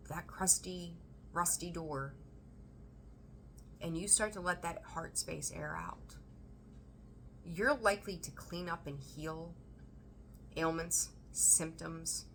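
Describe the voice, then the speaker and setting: A woman reading tarot for her viewers, emphatic and animated, repeating phrases for emphasis and swearing now and then. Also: lowish voice, a little hiss or hum. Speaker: tarot reader. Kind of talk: intuitive tarot reading to camera.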